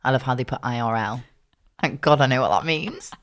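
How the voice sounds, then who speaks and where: Very low-voiced young Manchester woman. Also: brisk. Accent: Manchester, often with southern English vowels. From South Manchester, England. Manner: chatty, teasing banter. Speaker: podcast co-host. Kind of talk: casual chat.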